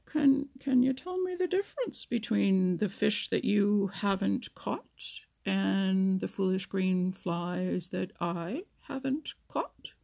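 A woman's voice: medium pitch, vocal fry, dark tone, exaggerated voice. A woman voicing a mild, wise old frog. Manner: mild, unhurried, stammering. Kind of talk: storybook reading.

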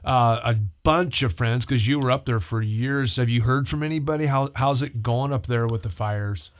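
A man's voice: mid-range voice, normal speed. A man, a pastor, hosting a church call-in radio show in a talkative, upbeat way and leading prayer. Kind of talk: casual radio chat.

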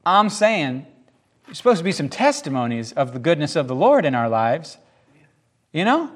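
A male pastor gives a relaxed, humorous sermon. His voice sits a little high and leaps around with lively emphasis, and he acts out the lines of the people in the scripture he reads. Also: normal speed. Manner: animated, jokey, acts out voices. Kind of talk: casual sermon teaching.

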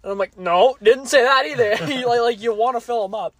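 A man co-hosting a casual podcast, spinning a long profane story from work. His voice sits high for a man and the sound is dry and close, with no room around it. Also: a little fast, a bit bright, dry recording. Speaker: podcast co-host.

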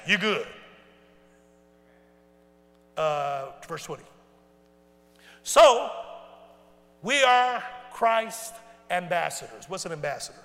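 A male pastor preaching a sermon in casual, folksy speech, asking the congregation questions and swinging from loud to hushed. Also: on the high side, lively intonation, slow. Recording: long reverb in a large hall.

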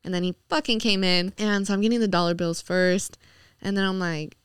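A woman's voice: lowish voice, steady tone, quick pace, smooth, dry recording, clean studio sound. A young woman, a podcast guest, telling stories casually with lots of fillers and laughter. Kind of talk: casual chat.

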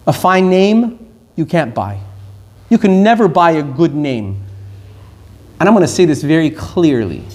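High-voiced man giving a Torah lecture. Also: darkish tone. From Iran. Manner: emphatic, repeats key points, slips into anecdotes. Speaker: Torah teacher.

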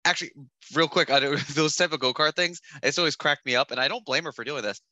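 A man's voice: fairly high pitch, fast, bright, forceful tone, no echo. A young man telling stories in casual podcast chat, loose and laughing, full of fillers.

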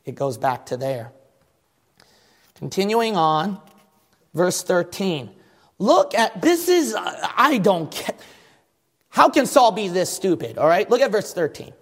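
A man's voice: sits high, big pitch swings, takes it slowly, long pauses, in a large hall. A man preaching a fervent sermon as pastor, firing rhetorical questions at his congregation.

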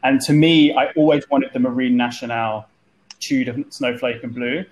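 A man's voice: medium pitch, steady tone, moderate pace, poor audio. Chatty storytelling man. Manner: chatty storyteller, repeats words at the start of a phrase. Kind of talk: casual group chat. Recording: light background noise.

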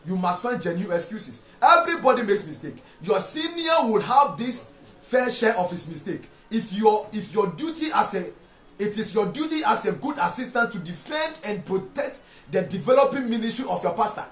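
Fiery high-voiced preacher. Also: male voice, sing-song, normal speed, fairly bright tone. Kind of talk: sermon. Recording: echoey room with faint music.

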